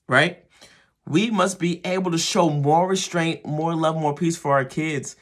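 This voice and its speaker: A man's voice: a little high, steady tone, moderate pace, a bit bright. A man hosting a show for fathers, talking through his advice casually and often checking in with "right?". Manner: conversational, repeats words and asks "right?" often. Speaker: host.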